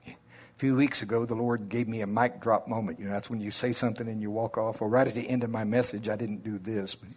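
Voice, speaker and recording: A man preaching a sermon in a slow Oklahoma drawl, deliberate and conversational. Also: on the low side, fairly even intonation, darkish tone, husky.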